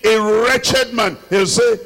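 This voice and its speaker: A man preaching in short lines for an interpreter, acting out sinners' replies in a lower voice. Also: slow pace, a bit bright, in a large hall. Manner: acts out sinners' replies in a low voice. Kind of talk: sermon with interpreter.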